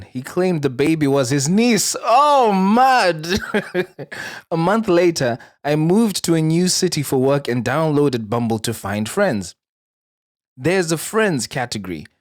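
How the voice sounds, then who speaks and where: A man hosting a casual podcast, reading out a listener's story and breaking in with animated, laughing reactions. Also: on the high side, no room sound, clean studio sound.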